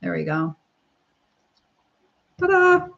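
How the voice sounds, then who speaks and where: Her voice is on the low side, gravelly and fairly bright, with big pitch swings and a slow pace. This middle-aged woman reads viewer comments while styling her hair on a casual live stream, chatting, rambling, and laughing often, in slightly dull lo-fi audio.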